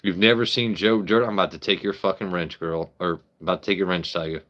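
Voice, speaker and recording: A man's voice: sits low, steady tone, fast talker, fairly bright tone, dull audio. A man hosting a casual live stream, rambling, joking with his chat and swearing freely. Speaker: livestream host.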